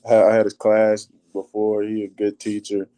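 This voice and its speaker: A man's voice: fairly low pitch, monotone, moderate pace, warm tone, smooth, dry recording. A young man, giving plain-spoken interview answers and repeating himself. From Texas. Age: late teens. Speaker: high school basketball player.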